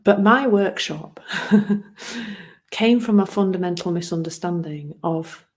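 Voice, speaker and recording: A woman's voice: fairly low pitch, a little mellow. A woman coach talking reflectively about her past work, earnest and self-deprecating, often repeating words as she searches for the phrasing. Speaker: wellbeing coach. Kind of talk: reflective solo talk.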